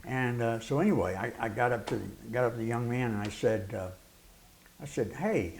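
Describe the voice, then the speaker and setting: Brisk and mid-range, the voice belongs to a middle-aged man, a preacher and onetime wrestler. Appearing as a guest in an interview, he tells a story with acted-out quotes and bursts of laughter.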